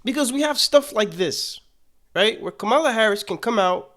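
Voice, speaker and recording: A man's voice: sits high, expressive, moderate pace, a bit bright. A man delivering political commentary, emphatic and indignant, repeating his points for weight.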